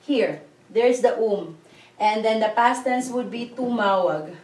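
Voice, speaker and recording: A woman teaching a language lesson, explaining grammar patiently and repeating words slowly to drill them. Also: fairly high pitch, a little mellow. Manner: patient, slow, spells out letters and repeats words. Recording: echoey room, voice from a distance.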